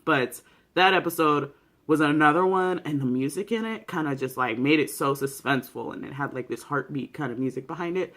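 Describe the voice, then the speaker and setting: A young adult YouTuber in a casual, excitable vlog commentary, with lots of slang, swearing and fillers. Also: mid-range voice, brisk. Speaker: YouTuber reviewing a TV series.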